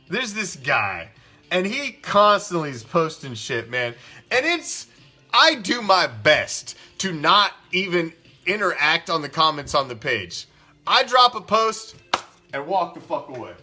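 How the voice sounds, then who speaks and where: A man's voice: high voice, big pitch swings, slow pace, sharp tone, faint music behind. A man hosting a fan show, ranting in a heated, profane, rambling way. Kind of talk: casual ranting commentary.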